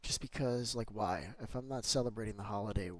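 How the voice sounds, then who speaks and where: A man's voice: on the low side, brisk, dry recording. A man streaming a building game, chatting casually with a friend and his viewers and easily getting sidetracked. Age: adult with kids. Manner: chatty, easily sidetracked, keeps greeting the chat. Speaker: Minecraft streamer. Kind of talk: casual livestream chat while gaming.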